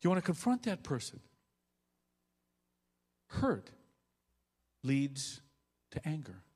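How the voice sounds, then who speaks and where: Animated preaching man in a reverberant hall. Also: fairly high pitch, takes it slowly, slightly rough. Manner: animated preaching, swinging from loud bursts to quiet asides. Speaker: pastor. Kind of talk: sermon.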